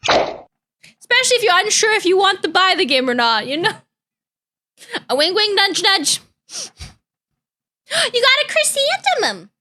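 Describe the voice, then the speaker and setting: A woman's voice: extremely high pitch, big pitch swings, a little slow, pauses often, bright, forceful tone. A woman streamer, chatting casually and giggling as she reacts to videos. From Canada.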